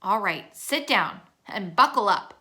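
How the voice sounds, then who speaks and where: A woman's voice: medium pitch, expressive, unhurried, bright, forceful tone. A woman reading a children's storybook aloud, voicing a cautious adult bus driver who asks plain questions.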